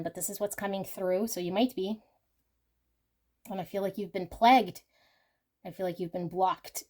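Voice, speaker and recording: A woman doing an intuitive tarot reading for her viewers, earnest and emotional, often sinking to a hushed voice as she talks straight to them. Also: mid-range voice. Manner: talks directly to viewers as "you guys". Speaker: tarot reader.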